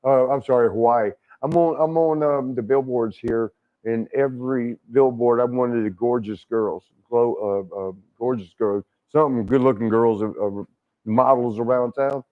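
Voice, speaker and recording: A man's voice: mid-range voice, normal speed. Older man telling raunchy stories. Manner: laughs often, swears, acts out quotes. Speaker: wrestling legend guest. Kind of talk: casual storytelling. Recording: dull lo-fi stream audio.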